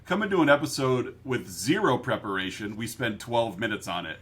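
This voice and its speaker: A man's voice: mid-range voice, expressive, a little fast, a bit bright, breathy edge. A young adult man co-hosting a movie podcast, joking and rambling with many restarts. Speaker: podcast co-host. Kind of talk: casual chat.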